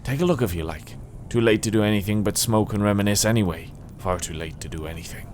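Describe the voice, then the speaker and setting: A man reading game dialogue as a gloomy, reclusive male software creator, speaking slowly and softly with a mournful tone. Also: lowish voice, a little hiss or hum, close to an everyday voice. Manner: slow, soft, mournful delivery. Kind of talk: voice acting a game's dialogue.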